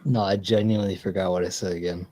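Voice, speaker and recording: A man's voice: low-pitched, fairly even intonation, fast, a little mellow, dry recording, low-quality recording. A man streaming casually, telling a long story with lots of fillers and restarts. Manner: rambling storyteller with many fillers. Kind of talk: casual live-stream chat.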